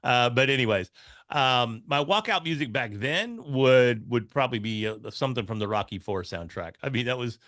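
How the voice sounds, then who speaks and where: A man's voice: mid-range voice, lively intonation, normal speed, fairly bright tone, no echo. A man chatting as a podcast guest, laid-back and hesitant, with lots of fillers. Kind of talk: casual chat.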